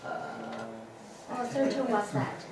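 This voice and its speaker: With lively intonation and a crowd audible in the background, a woman who teaches Chinese works through tones aloud at a relaxed pace, patient and filler-heavy, her pitch high. It's classroom teaching captured from far off in an echoey, noisy space.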